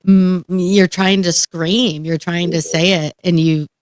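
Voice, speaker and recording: A woman in a casual live stream chat, speaking in a halting way with lots of fillers as she recounts her experiences. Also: fairly low pitch, steady tone, darkish tone, no room sound. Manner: halting, filler-heavy, breathless storytelling.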